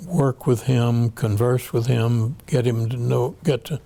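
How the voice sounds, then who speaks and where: Slow, mellow-voiced older man reminiscing. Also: medium pitch, steady tone, vocal fry. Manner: measured, halting storytelling with frequent pauses. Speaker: federal appeals judge. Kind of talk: oral history recollection.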